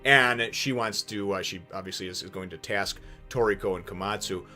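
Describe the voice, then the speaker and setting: Rambling low-voiced man reviewing a manga. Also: normal speed, soft background music. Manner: rambling, lots of fillers and restarts, animated bursts. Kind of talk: casual chapter review.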